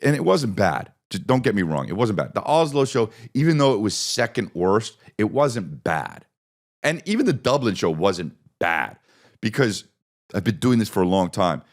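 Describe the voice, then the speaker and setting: A man's voice: on the low side, big pitch swings, moderate pace. A man hosting a podcast, riffing through a profane, rambling comedic monologue with repeated bits. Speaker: podcast host.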